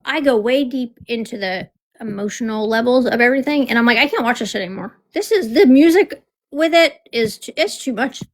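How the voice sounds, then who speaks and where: A woman's voice: on the high side, normal speed. A woman hosting a livestream, chatting casually and bluntly, swearing freely and telling stories with animation. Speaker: livestream host. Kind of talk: casual chat.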